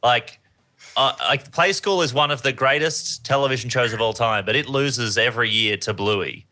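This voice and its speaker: Bright-voiced man, rambling jokes. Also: mid-range voice, moderate pace. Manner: rambling, self-deprecating humor. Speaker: guest. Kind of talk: casual chat.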